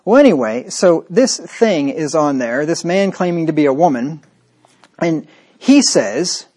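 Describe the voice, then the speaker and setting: Scornful preacher, fairly high male voice. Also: animated, unhurried, dark tone. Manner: scornful, combative preaching with rhetorical asides. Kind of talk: sermon.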